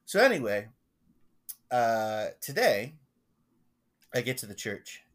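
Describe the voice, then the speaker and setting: A male pastor chatting on a podcast, telling a story in a loose, rambling way. His voice sits at a mid pitch, and he often stops and restarts his sentences as he goes. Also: sing-song. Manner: rambling, halting, many restarts. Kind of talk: casual storytelling chat.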